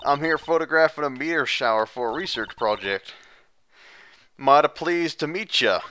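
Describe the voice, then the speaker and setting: A man's voice: a little high, lively intonation, moderate pace, bright, forceful tone, voice pushed up. Lotta Hart, a man doing a brassy Southern country gal. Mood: folksy. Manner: heavy exaggerated drawl, brassy and blunt. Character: loud brash Southern country woman photographer. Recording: game music behind the voice.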